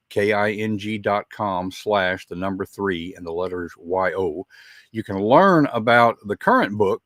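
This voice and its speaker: A man's voice: on the low side, dry recording, studio quality. A man with a Southern American accent, hosting a live show, chatting in a folksy way with a lot of "uh" fillers. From Southern United States. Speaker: podcast host.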